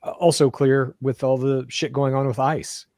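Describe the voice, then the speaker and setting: A man's voice: mid-range voice, flat delivery, moderate pace, darkish tone, no echo. Man, podcast co-host, blunt casual talk, swears freely, dry close sound. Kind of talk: casual chat, reading listener comments.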